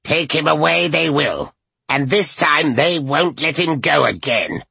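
A man voicing a feverish, scheming old woman with a hoarse, cackling voice, read as an audiobook. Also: on the low side, sing-song, bright, forceful tone, dry recording, heavily acted. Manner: feverish, rushing, spiteful.

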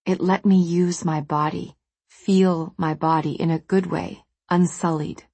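A woman voicing a wounded, defiant woman confessing quietly, in an audiobook. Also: lowish voice, steady tone, measured pace, gravelly, slightly rough, no room sound, exaggerated voice. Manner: quiet, steely.

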